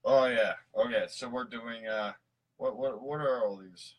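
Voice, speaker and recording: A man's voice: medium pitch, a little slow, heavy background noise. A man co-hosting a casual chat, tipsy, rambling and goofy, reading from a list between jokes. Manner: rambling, goofy, laughs often, swears. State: tipsy from mead. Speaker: podcast co-host.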